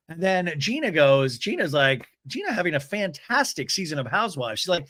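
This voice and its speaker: A man hosting a comedic recap, animated, slipping into high campy impressions of the people he retells. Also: normal speed, no room sound, clean studio sound. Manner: animated, mimics cast members in high campy voices. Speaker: podcast host recapping reality TV.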